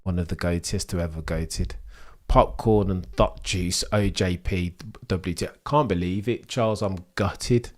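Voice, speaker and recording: Low-voiced chatty British man. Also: measured pace. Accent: British English. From England. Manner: chatty, rambling, easily excited. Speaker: livestream host. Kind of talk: live sports watchalong commentary, reading chat.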